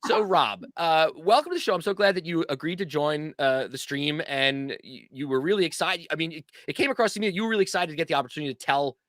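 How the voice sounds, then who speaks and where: A man's voice: a little high, quick pace, hardly any pauses, fairly bright tone, dry recording, studio quality. A chatty male host who talks in a casual, rambling, self-deprecating way on a livestream.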